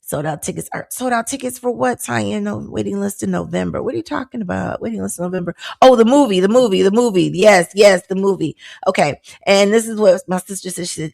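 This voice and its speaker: A woman's voice: mid-range voice, fast, creaky, few pauses, darkish tone. A woman hosting a live-streamed talk show, chatting loosely and reading out viewer comments with frequent laughs and exclamations.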